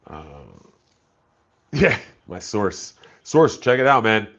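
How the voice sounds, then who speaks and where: A man's voice: lowish voice, big pitch swings, slow pace, a bit bright, highs cut off. A man chatting casually on a live stream, laid-back and profane, reading chat messages aloud.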